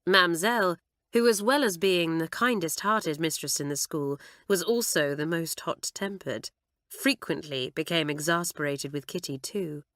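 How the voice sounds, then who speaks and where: A woman reading a children's audiobook aloud in an expressive way, close to the mic. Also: deep voice, a little slow, dry recording. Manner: expressive, animated. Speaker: audiobook narrator.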